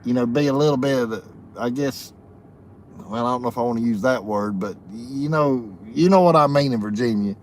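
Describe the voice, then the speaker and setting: In a casual live chat, a man with a mid-range voice and moderate pace reads his viewers' comments aloud folksily, often breaking into laughter. The recording carries a faint hiss or hum.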